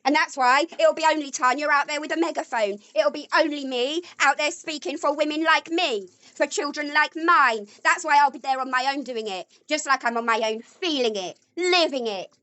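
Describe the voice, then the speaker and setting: A woman's voice: high-pitched, moderate pace, hardly any pauses, sharp tone, dry recording, highs cut off. A woman arguing angrily at home, accusatory and sarcastic. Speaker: vlogger. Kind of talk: heated domestic argument.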